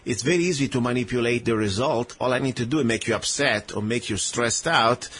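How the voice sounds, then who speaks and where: A man's voice: medium pitch, a little fast, a little hiss or hum. Opinionated male radio host, English. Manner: animated, opinionated, loose non-native phrasing. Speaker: radio talk show host. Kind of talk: radio interview.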